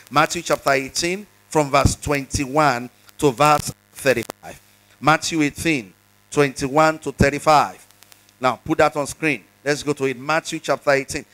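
A man's voice: fairly high pitch, fairly bright tone, poor audio. A male pastor preaching a sermon, reading scripture aloud, acting out its dialogue and repeating lines and questions to the congregation. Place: church service.

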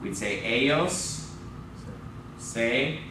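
In a church classroom, a man with a mid-range, expressive voice teaches Spanish, drawing out his words as he explains patiently, quizzes the class, and keeps saying "okay?". The recording is very echoey and captured from far away, with background noise.

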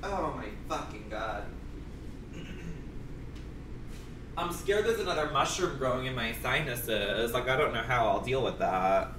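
A man's voice: medium pitch, lively intonation, unhurried, pauses often, background noise. A young adult man chatting casually on a livestream, profane and complaining, congested and coughing now and then.

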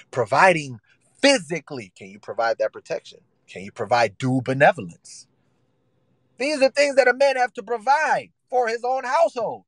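A man's voice: high-pitched, no room sound, poor audio. A man preaching a sermon in casual vernacular, emphatic and repetitive, acting out the voices he quotes.

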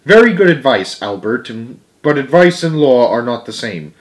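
A man reading a storybook aloud, voicing a small, earnest mouse who acts as a solemn, fair-minded teacher, in a lively, emphatic voice. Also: normal speed, natural voice. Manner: lively, emphatic, higher and louder than his narration.

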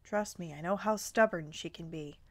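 A woman voicing a calm, reassuring fatherly man. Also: fairly low pitch, moderate pace, voice pushed down, lightly acted.

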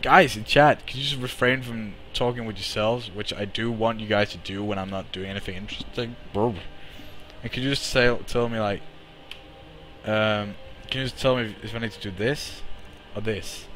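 A young man streaming a game live, swearing and reacting excitedly while chatting to his viewers. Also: on the low side, normal speed, soft background music. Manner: excitable, swears a lot, talks to chat. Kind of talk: live gameplay commentary.

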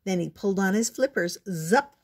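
An older woman reading a children's picture book aloud as a storyteller, slow and expressive. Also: mid-range voice, breathy edge.

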